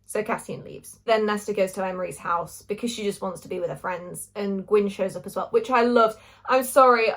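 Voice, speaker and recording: A woman's voice: medium pitch, fairly quick. Gushing young woman vlogger. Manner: gushing, animated, swears freely. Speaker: book reviewer. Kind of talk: casual chat.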